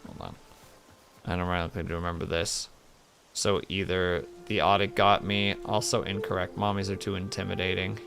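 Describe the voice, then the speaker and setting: A man's voice: low voice, little pitch movement, normal speed. A man streaming a game, chatting casually with his viewers while he plays and hopping between the game and replies to chat.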